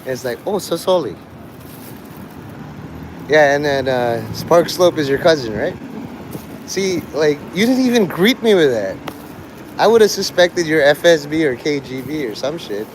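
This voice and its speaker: A man's voice: a little high, expressive, normal speed, background noise. A man vlogging outdoors in a city street, rambling with sardonic asides. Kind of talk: rambling live street vlog.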